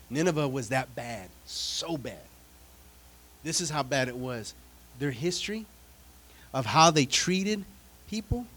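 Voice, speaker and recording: A pastor preaching a sermon, telling stories with dramatic swings from loud declarations to hushed asides and humorous, direct remarks to his congregation. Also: medium pitch.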